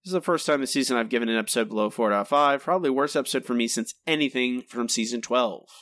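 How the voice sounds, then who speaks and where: Fast-talking male podcast reviewer. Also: medium pitch, fairly bright tone, no room sound. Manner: candid and critical, hesitant when unsure. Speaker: podcast co-host, episode reviewer. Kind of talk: casual chat, spoken review.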